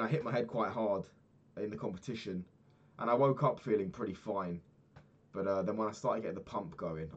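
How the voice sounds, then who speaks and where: Over gameplay, a low-voiced young man rambles through a casual recap of his day, cursing freely, teasing himself and restarting often in this vlog. The audio sounds dull.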